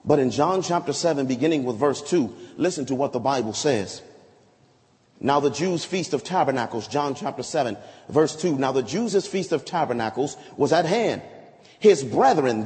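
A man preaches in a sermon, dramatic and theatrical, acting out scripture scenes in different voices. His voice sits high and swings widely in pitch. It rings with a long reverb, as in a large church hall. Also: sing-song, moderate pace, a little mellow.

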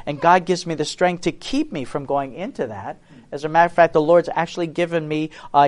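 Giving a preaching testimony, this man has a voice pitched a bit higher than most men's. His delivery is earnest and emphatic, and he keeps turning to his listeners with rhetorical questions.

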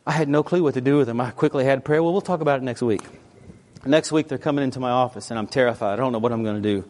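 A man preaching a sermon as a pastor. He tells personal stories in an animated, emphatic way that swings between loud and quiet. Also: mid-range voice, very fast.

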